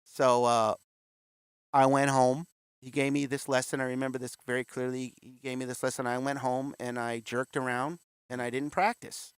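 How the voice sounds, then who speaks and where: Man, 50s, smooth resonant voice, dry close sound, animated storytelling. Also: mid-range voice, normal speed, no echo. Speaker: interview guest. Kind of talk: candid storytelling interview. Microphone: video call.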